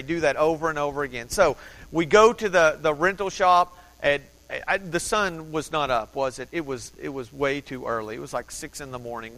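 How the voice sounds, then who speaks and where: A man from Texas delivers a storytelling sermon, his voice high and bright. He talks in an animated, conversational way, with quick asides to the room. His voice rings out with a long reverb, as in a large hall.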